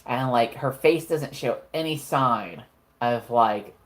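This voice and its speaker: A woman's voice: extremely low pitch, slow. A woman narrating a tabletop horror game as game master, casual and profane, with lots of "like" fillers.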